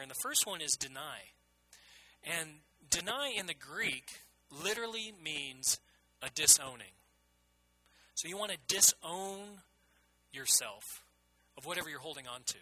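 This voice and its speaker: A man's voice: a little high, pushed and bright, husky, poor audio. A middle-aged man preaching a sermon as pastor, earnest and emphatic, often repeating his phrases.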